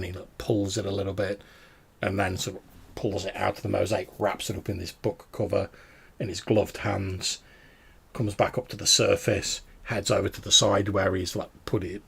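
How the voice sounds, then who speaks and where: A man's voice: sits low, vocal fry, a bit bright, husky. A man narrating a tabletop game as game master, talking casually with many fillers. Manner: casual, many fillers, puts on brief character voices.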